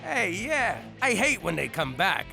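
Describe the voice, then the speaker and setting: High, gravelly, excitable New York mobster in an adult cartoon. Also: male voice, measured pace, over music, full character voice. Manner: whiny, excitable, self-pitying. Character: bumbling middle-aged male mobster in hiding.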